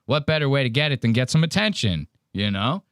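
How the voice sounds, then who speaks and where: A man's voice: medium pitch, big pitch swings, a little fast, a bit bright, no room sound, clean studio sound. Profane, mocking male podcast host. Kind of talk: casual podcast chat.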